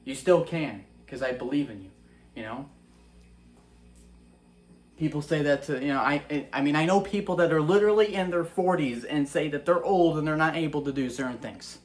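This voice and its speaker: A man's voice: on the high side, a little fast. A young man giving an earnest, casual faith-based monologue that is full of rhetorical questions. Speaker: Christian vlogger.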